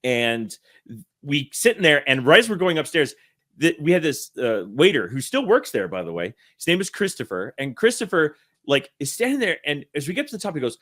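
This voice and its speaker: A man's voice: a little high, very animated, brisk, fairly bright tone. A man in his thirties, a guest in an interview, telling a long anecdote casually, correcting himself and laughing as he goes. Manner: rambling, self-correcting, laughs while telling. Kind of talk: casual storytelling.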